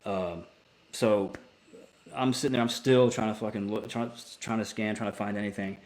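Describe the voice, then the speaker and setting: A man's voice: fairly low pitch, fairly even intonation, moderate pace, a little mellow. A man, a military veteran and podcast guest, telling a story casually with plenty of swearing, restarts and filler words. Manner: profane, rambling with many restarts.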